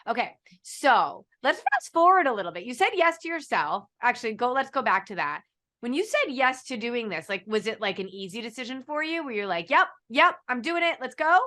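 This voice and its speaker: A woman's voice: a little high, big pitch swings, fairly quick, pushed and bright. A woman hosting a live-stream interview, upbeat and encouraging, turning to speak straight to her viewers. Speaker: host, nutrition business owner.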